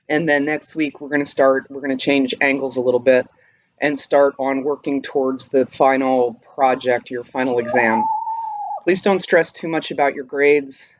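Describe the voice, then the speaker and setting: A man teaching high school English by home video, talking casually with fillers and a little out of breath. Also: dry recording, lo-fi sound. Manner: relaxed, halting with fillers. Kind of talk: casual class update and reading aloud.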